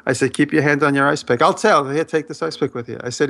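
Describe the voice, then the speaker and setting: A man co-hosting a podcast, telling a long, rambling story in casual chat, his voice jumping up in pitch when he gets excited. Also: fast talker, hardly any pauses. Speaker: podcast co-host.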